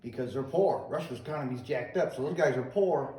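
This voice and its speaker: A man's voice: mid-range voice, expressive, a little fast, mellow. A man, a comedian guest, talking earnestly and supportively in casual conversation. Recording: echoey room, distant mic, faint noise.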